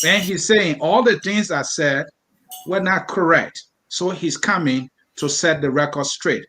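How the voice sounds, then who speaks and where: A man co-hosting a program, signing off with brisk, teasing promotion of the next show. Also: fairly high pitch, pushed and bright, a little hiss or hum. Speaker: co-host. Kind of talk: show sign-off.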